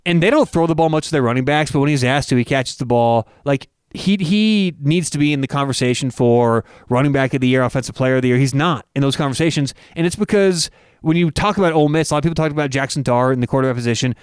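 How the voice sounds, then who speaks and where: A man co-hosting a sports betting show, breaking down college football picks in an energetic, excitable way. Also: mid-range voice, fast, clean tone, no room sound, clean studio sound. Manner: energetic, excitable, with sudden loud cheers. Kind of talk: casual sports betting chat.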